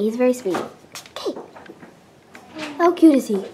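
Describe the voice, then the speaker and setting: Bubbly high-voiced girl vlogging on the go. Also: expressive, measured pace, mellow, a little hiss or hum. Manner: bubbly, gushing, lots of "like" and "um". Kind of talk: casual vlog. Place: out and about, stores and streets. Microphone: handheld camera.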